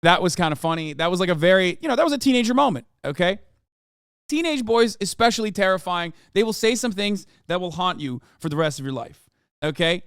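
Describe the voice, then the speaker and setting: A man in his thirties streaming, reacting to a video in casual, profane, animated commentary. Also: sits high, brisk, smooth, dry recording, studio quality. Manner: profane, animated, repeats "okay?" often.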